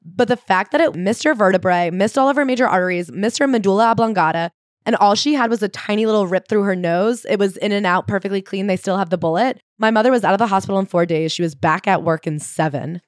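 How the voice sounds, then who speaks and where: A woman co-hosting a casual book podcast, retelling a story with animated acted-out quotes and frequent swearing. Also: mid-range voice, fast talker, no echo, studio quality. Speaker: podcast co-host. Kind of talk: casual book-recap chat.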